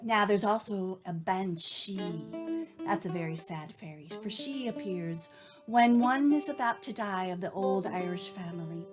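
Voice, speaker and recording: A woman co-hosting a show and telling folktales with a playful, drawn-out delivery. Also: medium pitch. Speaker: storyteller and co-host. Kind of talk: folktale storytelling with banter. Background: guitar music.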